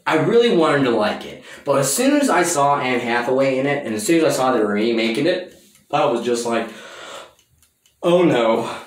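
A film reviewer rants casually and in exasperation about a movie, swearing freely. The mid-range voice is expressive and fairly quick, and the bathroom recording sounds echoey.

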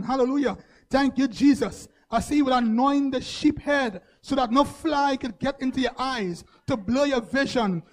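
A male preacher, delivering a sermon in repeated, rhythmic phrases that build to shouts. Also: very high-pitched. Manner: rhythmic repetition, rising to shouts.

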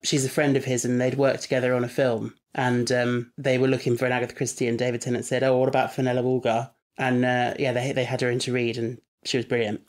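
A man's voice: medium pitch, flat delivery, quick pace, hardly any pauses. Young male co-host, chatty storyteller, mid-range voice, laughs easily. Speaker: podcast co-host. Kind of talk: casual chat reviewing an episode.

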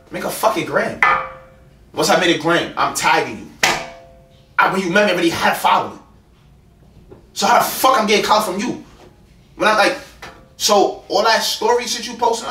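A man's voice: high voice, sharp tone. A young man from the Bronx with a New York accent, arguing heatedly with his ex-partner in a rambling, profane way and repeating himself. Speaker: YouTube prankster. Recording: roomy sound from a distant hidden camera.

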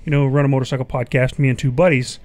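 A man co-hosting a motorcycle podcast, telling a profane story in an animated way. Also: medium pitch, rapid-fire. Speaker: podcast co-host. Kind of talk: casual storytelling.

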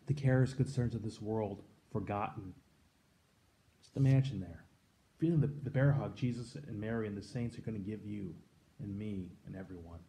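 A man in his thirties reading scripture and then giving an earnest, reflective devotional sermon, letting his voice drop soft and quiet on tender points. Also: medium pitch. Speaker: pastor giving a daily devotion.

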